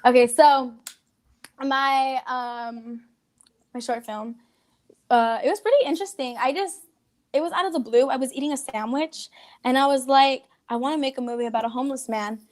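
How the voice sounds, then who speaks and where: A woman's voice: sits high, moderate pace, darkish tone. A teenage girl, a young comedian, chatting in an interview in a giggly, rambling way. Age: teens. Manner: giggly, rambling, slips into mimicked voices. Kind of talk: casual interview chat.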